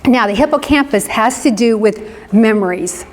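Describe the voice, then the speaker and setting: A woman's voice: fairly high pitch, normal speed. A woman, giving a conversational talk to a live group and often checking in with "right?". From American Midwest. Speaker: speaker on forgiveness, counselor. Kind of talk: interactive lecture to a live group. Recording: long reverb of a hall.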